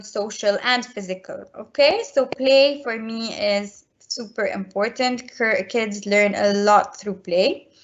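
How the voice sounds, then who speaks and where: Brief: woman presenter on a video call, slightly high voice, earnest and explanatory, dull lo-fi audio. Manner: earnest, explanatory, many restarts. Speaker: presenter at a school webinar for parents. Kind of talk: webinar talk with slides.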